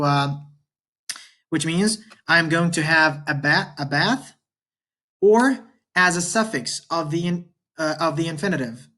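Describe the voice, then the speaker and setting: Slow, patient male Spanish teacher. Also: fairly high pitch, a bit bright. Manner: patient, repeats each phrase slowly with frequent "uh" pauses. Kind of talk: online language lesson explaining slides.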